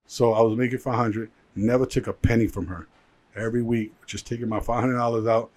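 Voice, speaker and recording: A man, a jeweler and entrepreneur, telling his life story in a casual interview, animated and full of "like" fillers. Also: medium pitch, brisk.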